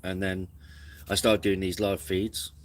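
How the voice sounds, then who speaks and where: A man's voice: sits low, little pitch movement, unhurried. A man hosting a casual camping live stream, rambling and reflective, snacking between sentences.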